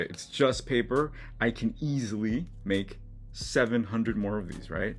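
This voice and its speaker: A man's voice: on the low side, a little slow. A middle-aged man hosting a casual art vlog, chatty and encouraging, easily moved as he talks through his work. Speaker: collage artist and channel host. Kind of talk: casual studio vlog to camera.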